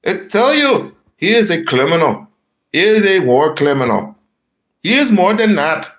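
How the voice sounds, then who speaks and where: Bright-voiced, emphatic male commentary host. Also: high-pitched, very animated, moderate pace, highs cut off. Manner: emphatic, repeats phrases for the audience. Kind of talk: live political commentary.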